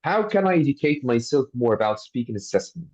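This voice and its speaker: A man's voice: medium pitch, sing-song, a little fast, darkish tone, dry recording, muffled recording. A man moderating an online conference session, keeping his remarks brief and reading audience questions aloud.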